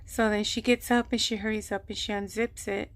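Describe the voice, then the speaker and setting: A woman telling a long personal story on her vlog, rambling and animated, acting out what people said. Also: medium pitch, brisk. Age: adult, mother of a grown son. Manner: rambling, animated retelling with quoted voices. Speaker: vlogger. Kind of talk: casual storytelling.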